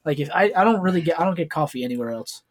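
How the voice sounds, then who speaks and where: A man's voice: fairly high pitch, lively intonation, racing, a loud crowd. A young man co-hosting a casual podcast, talking loosely with frequent laughter and swearing. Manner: loose, profane, laughs often. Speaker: podcast co-host.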